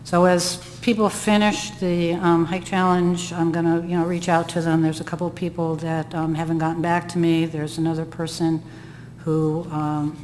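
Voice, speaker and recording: Woman, low flat voice, hesitant committee report, echoey hall recording. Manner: halting, many ums, slow and hesitant. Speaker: trail adopter volunteer coordinator. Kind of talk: committee meeting discussion. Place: town meeting room. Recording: distant room mic, echoey hall, faint noise.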